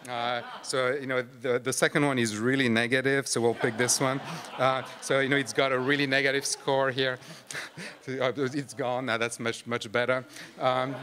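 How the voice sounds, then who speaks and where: A man's voice: mid-range voice, fairly bright tone, a little hiss or hum. A man giving a conference presentation on a microphone in a large lecture room, hesitant and full of fillers and restarts. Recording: long hall reverb.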